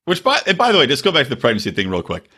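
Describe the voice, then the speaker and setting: A man co-hosting a podcast in casual chat, profane and quick to laugh. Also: medium pitch, slightly rough. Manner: profane, animated, laughing storyteller. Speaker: podcast co-host.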